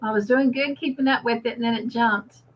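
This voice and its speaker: A woman's voice: a little high, steady tone, fairly quick. Chatty woman host reading chat. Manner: chatty, warm toward viewers, laughs often. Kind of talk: casual livestream chat reading comments. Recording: slightly dull lo-fi audio.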